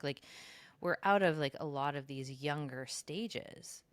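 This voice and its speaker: A woman's voice: normal speed, no room sound. A woman co-hosting a podcast, talking in a reflective, casual way with many fillers. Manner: reflective, lots of "like", slips into high mocking voices when quoting herself. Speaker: podcast co-host. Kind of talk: casual spiritual chat.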